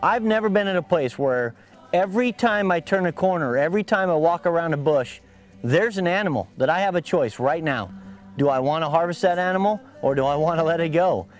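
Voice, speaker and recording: An enthusiastic man chats during an outdoor hunt. His voice sits slightly high, with faint music playing behind. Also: expressive, a little fast. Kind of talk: casual outdoor chat.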